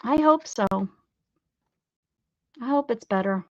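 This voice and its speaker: A woman's voice: on the high side, lively intonation, takes it slowly, darkish tone, no echo, highs cut off. A woman hosting a casual art livestream from her craft table at home, chatting with viewers and greeting them by name.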